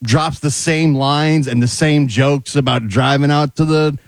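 A man's voice: on the high side, unhurried, dry recording. A man co-hosting a radio show, telling stories with energy and imitating the people he describes. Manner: animated storyteller, mimics callers. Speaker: radio co-host. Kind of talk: casual radio banter. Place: radio studio. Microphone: studio microphone.

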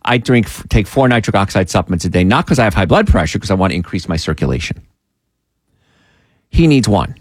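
A man hosting a call-in health radio show, talking in an emphatic, animated way with pleading asides, from a studio mic. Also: fairly low pitch, fairly quick, slightly rough, dry recording.

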